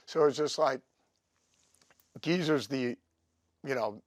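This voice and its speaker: A man's voice: mid-range voice, slow pace, no room sound. Rambling storyteller man, dry sound. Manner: animated, rambling, lots of fillers. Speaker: guest guitarist. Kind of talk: casual storytelling chat.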